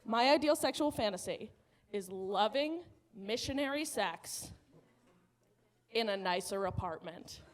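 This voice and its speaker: A woman's voice: mid-range voice, animated, a little slow, pauses often. A woman doing a stand-up comedy set on a comedy club stage, brash and profane, laughing at her own jokes.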